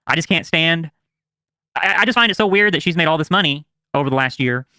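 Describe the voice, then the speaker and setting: A man's voice: on the high side, animated, a little fast, bright, forceful tone, clear, resonant tone, no room sound. A man co-hosting a livestream, ranting and swearing in casual chat. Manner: ranting and profane. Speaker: livestream co-host.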